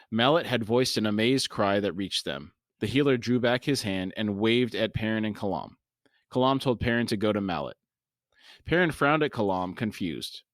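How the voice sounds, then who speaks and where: Low-voiced man reading a fantasy novel. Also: animated, normal speed, no echo, studio quality. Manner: plain, lightly voiced read-aloud, laughs often. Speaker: podcast co-host reading the book aloud. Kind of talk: reading a fantasy novel aloud with casual chat.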